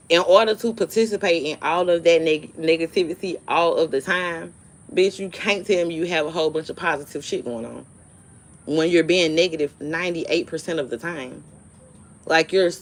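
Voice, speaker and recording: A woman, her voice sitting a little on the low side, rants on a livestream. She is blunt, curses freely and waves people off, but tells her stories with animation. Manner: blunt, profane, dismissive, animated storytelling. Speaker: livestream host. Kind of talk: casual live-stream rant.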